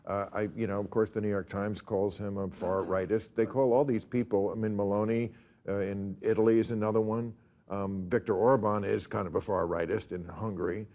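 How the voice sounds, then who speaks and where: A man's voice: fairly low pitch, steady tone, brisk, warm tone. A man hosting a panel discussion in a TV studio, with a dry, wry conversational manner. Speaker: talk show host.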